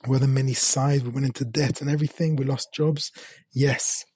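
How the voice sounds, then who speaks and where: Husky man giving an earnest Torah talk. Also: mid-range voice, flat delivery, moderate pace, dark tone, no echo. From England. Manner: earnest, repeats phrases for emphasis. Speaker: rabbi.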